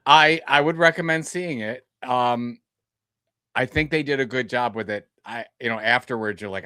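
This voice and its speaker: A man co-hosting a podcast, speaking in halting, playful casual chat with frequent restarts. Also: medium pitch, expressive, bright, forceful tone, no room sound. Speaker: podcast co-host.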